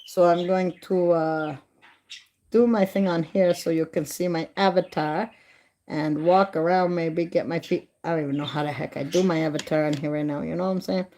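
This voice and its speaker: A woman's voice: low-pitched, fairly even intonation, moderate pace, mellow, a little hiss or hum. A middle-aged woman hosting a casual livestream from home on her phone, chatty and laughing at her own stories. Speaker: livestream host. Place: home, by a bedroom window. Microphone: phone held in hand.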